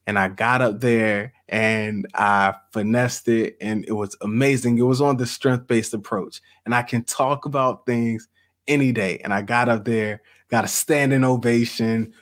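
Brief: middle-aged man, casual podcast host, animated storyteller with easy laughs, mid-pitched voice. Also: unhurried. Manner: storytelling, laughs often, addresses audience as y'all. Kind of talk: casual livestream chat.

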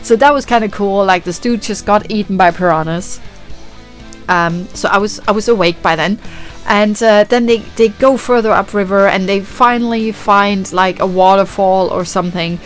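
A woman's voice: medium pitch, moderate pace, soft background music. A woman hosting a podcast, casually recapping a film with lots of swearing and acted-out reactions. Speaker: podcast host. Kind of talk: casual film review chat.

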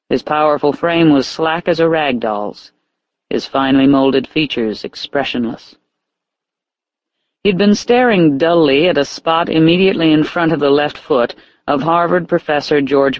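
Male audiobook narrator, measured and even delivery, slightly higher voice. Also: no echo, rough recording. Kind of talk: scripted narration.

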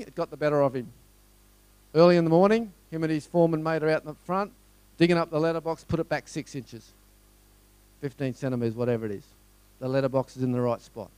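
A man's voice: on the high side, fast talker, a little mellow, clean tone, dry recording. A middle-aged man with an Australian accent, giving a conversational storytelling talk to a live audience, full of rhetorical questions. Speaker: motivational speaker.

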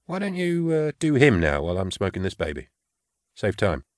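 A man voicing a cool, laconic male bounty killer who talks in a relaxed drawl. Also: on the low side, moderate pace, no echo, clean studio sound. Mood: easygoing.

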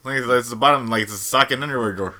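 A man's voice: mid-range voice, very fast, bright, forceful tone. A man co-hosting a podcast, tossing in blunt, sarcastic remarks in casual chat. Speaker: podcast co-host. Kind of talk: casual chat about fighting sports.

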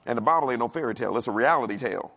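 A man preaching a sermon in a dialect, animated, asking the congregation questions and acting out the voices of the people he quotes. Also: mid-range voice, rapid-fire. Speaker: pastor.

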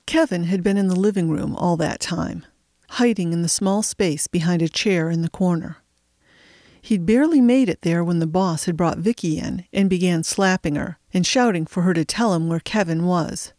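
A woman narrates an audiobook in a steady, measured way. Her voice sits fairly low, recorded close and dry with no room sound. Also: no room sound.

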